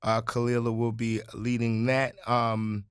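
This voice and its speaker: A man's voice: mid-range voice, completely flat delivery, measured pace, smooth. A man co-hosting a talk show jokes easily with his guests and reads out event announcements. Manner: easygoing, joking, reads announcements. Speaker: co-host. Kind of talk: casual discussion and event announcements.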